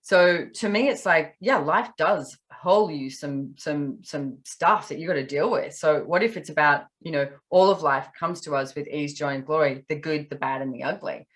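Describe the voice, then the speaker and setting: An Australian woman in casual podcast conversation, telling animated stories and acting out what people said. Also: low-pitched, normal speed, hardly any pauses. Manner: animated storyteller, acts out quotes. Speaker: podcast guest.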